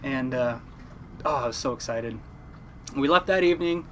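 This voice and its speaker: A man's voice: medium pitch, moderate pace, slight background noise. A young man, a fishing boat captain, telling a rambling story in casual chat and acting out what others said. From Oregon, United States. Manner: rambling, animated, acts out quotes.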